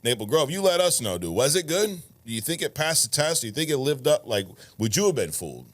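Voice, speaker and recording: A laid-back American man in his thirties co-hosts a podcast, reading viewer comments aloud. He talks fast with big pitch swings in a medium voice, swearing freely and calling people bro and dude.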